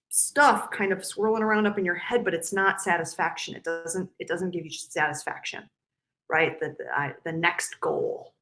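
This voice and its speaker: A woman's voice: lowish voice, sharp tone. A woman guest on a podcast, talking animatedly and slipping into silly complaining voices to act out other people. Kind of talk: casual podcast conversation.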